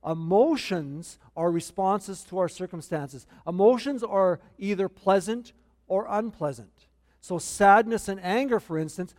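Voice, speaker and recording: Guy preaching in a church, kinda high voice, says things twice so they stick. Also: a little mellow. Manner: earnest, repeats key points for emphasis. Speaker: pastor. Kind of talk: sermon. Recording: long hall reverb.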